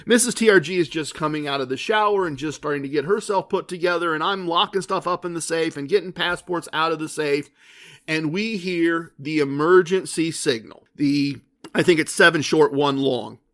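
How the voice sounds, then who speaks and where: A middle-aged man hosting a podcast, telling a personal story in a casual monologue and acting out the conversations slowly and with emphasis. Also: a little high, a bit bright. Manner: deliberate, re-enacting dialogue with emphatic slow repetition. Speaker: podcast host.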